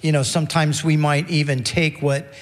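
A male pastor preaching a sermon in a relaxed, conversational way, often restarting his phrases. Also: on the high side, moderate pace, big-room sound. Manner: conversational, many restarts and "you know".

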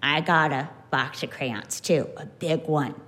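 A woman imitating a boastful little kindergarten boy who tells tall tales, in a low, slow, matter-of-fact voice. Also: fairly bright tone. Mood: boasting.

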